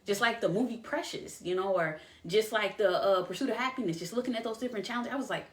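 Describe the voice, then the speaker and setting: Woman sharing a painful story, echoey room. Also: medium pitch. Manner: emotional, halting, with many restarts and fillers. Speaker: podcast host. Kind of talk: personal storytelling monologue.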